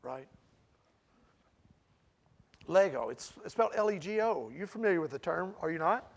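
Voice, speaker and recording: Talking fast in a high, expressive, creaky voice, a man gives a conversational sermon. He asks the congregation questions and works up to loud, emphatic high points.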